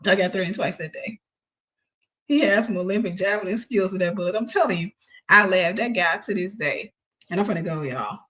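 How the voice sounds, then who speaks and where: A woman host telling a personal story in an animated way, laughing and acting out the voices of the people in it. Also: mid-range voice, fairly quick.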